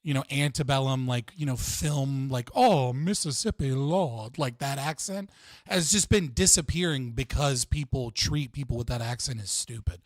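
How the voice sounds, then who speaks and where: A man's voice: medium pitch, normal speed, no echo, clean studio sound. A man hosting a live-stream debate panel, rambling and lecturing with many filler words. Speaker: stream host. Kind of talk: heated casual debate.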